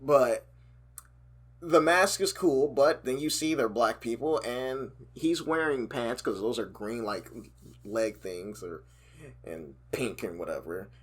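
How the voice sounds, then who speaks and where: A man's voice: medium pitch, takes it slowly. A man co-hosting a podcast in casual chat, laughing often and restarting his sentences. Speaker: podcast co-host.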